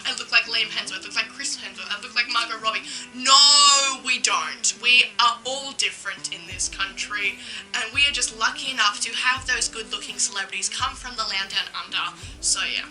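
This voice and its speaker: Chatty bright Australian young woman. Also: on the high side, moderate pace, faint music behind, low-quality recording. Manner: chatty, indignant, lots of "um" and "like". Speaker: vlogger. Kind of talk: casual vlog monologue.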